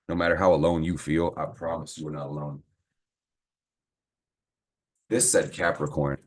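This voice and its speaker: A man's voice: rumbling low, moderate pace, long pauses, husky. A man giving a casual astrology and tarot reading to camera, talking in a slangy, profane, encouraging way. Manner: slangy, profane, animated pep talk.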